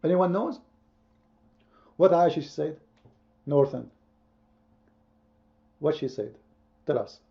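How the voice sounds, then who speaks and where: A man's voice: on the high side, lively intonation, takes it slowly, vocal fry, long pauses, highs cut off. A man hosting a heated online debate, speaking emphatically, repeating his points and quizzing his listeners. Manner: emphatic, repetitive, quizzing the audience. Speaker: debate host.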